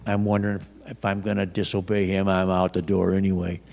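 A man's voice: low voice, flat delivery, fairly quick, vocal fry, a little mellow. A man preaching a sermon in a loose, conversational storytelling way, often restarting his sentences. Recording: long reverb of a large hall.

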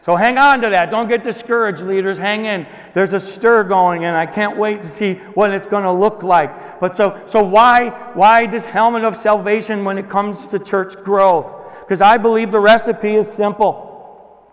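Man, high voice, pastor preaching a sermon, loud emphasis and hushed asides, echoing hall. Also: steady tone, moderate pace.

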